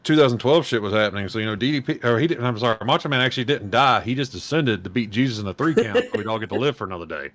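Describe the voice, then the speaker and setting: A man's voice: mid-range voice, very animated, rapid-fire, hardly any pauses, a bit bright, no room sound. Rambling male podcast host. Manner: rambling, self-correcting. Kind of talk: casual chat, reading aloud.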